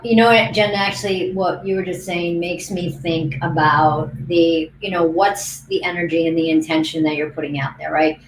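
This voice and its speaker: A woman coach co-hosting a casual livestream, telling lively stories on a video call. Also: lowish voice, echoey room, a little hiss or hum, low-quality recording. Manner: lively anecdotal storyteller. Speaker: coach and co-host.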